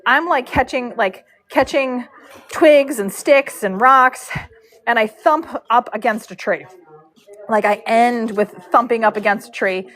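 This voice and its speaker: A woman recounts a story on a casual livestream. Her delivery is animated and rambling, and she often fills pauses with "um" and "like". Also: a little high, poor audio. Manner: animated, rambling, with frequent fillers. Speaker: horse braider and live streamer.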